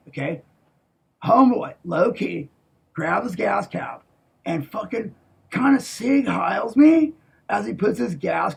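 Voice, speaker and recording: Casting: raspy, fairly high-voiced man, rambling and profane, hushed to shouting. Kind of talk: rambling monologue.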